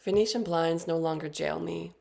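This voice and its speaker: Low, gravelly-voiced woman reading poetry. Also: darkish tone. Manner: measured, deliberate delivery of poems. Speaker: featured poet. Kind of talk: poetry reading with spoken introductions.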